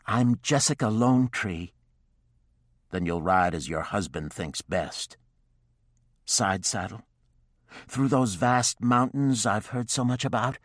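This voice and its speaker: A male audiobook narrator voicing a spirited, teasing young noblewoman with tart, quick-witted replies. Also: lowish voice, lively intonation, no echo, studio quality, pitched above the performer's own voice. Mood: defiant.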